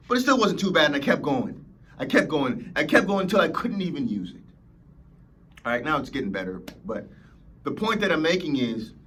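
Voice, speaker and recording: A man's voice: on the high side, fairly bright tone, a little hiss or hum. A man hosting a motivational podcast, preaching emphatically and acting out whiny complainers. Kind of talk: motivational talk.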